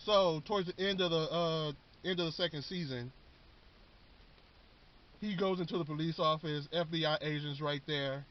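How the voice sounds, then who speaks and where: A man's voice: on the high side, normal speed. A man casually recapping a TV show in a rambling, slangy way, often repeating words. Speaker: vlogger. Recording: dull lo-fi recording.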